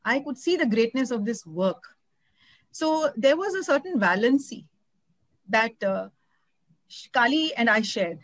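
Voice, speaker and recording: A woman's voice: on the high side, lively intonation, a little slow, pauses often, dry recording, low-quality recording. A woman from India talking expressively about translating a novel, often searching for words and restarting. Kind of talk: conversational talk about translating.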